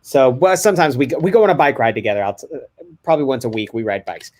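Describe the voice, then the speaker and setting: Animated man telling a story. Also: medium pitch. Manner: animated storytelling, quick bursts. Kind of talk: casual podcast chat.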